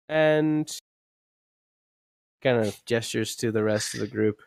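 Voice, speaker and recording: A man narrating as dungeon master, speaking in halting bursts with many restarts. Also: medium pitch, very animated, gravelly, clean tone, dry recording, clean studio sound. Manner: halting, full of restarts and fillers. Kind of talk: narrating and voicing a tabletop game.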